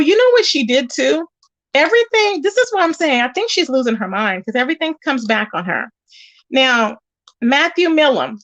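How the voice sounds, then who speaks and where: A woman with a high, bright-sitting voice spills online drama to her viewers in casual commentary. She tells it in an animated way and slips into the voices of the people she quotes. The sound is dry and close, with no room around it. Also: no echo, lo-fi sound. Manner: animated storytelling, acts out quoted voices, talks straight to viewers. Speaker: commentary channel host.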